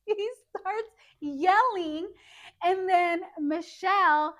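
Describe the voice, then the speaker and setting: A woman's voice: extremely high pitch, slow pace. A woman co-hosting a podcast, telling a story in casual chat and acting out what people said. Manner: animated, acts out quotes. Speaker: podcast co-host.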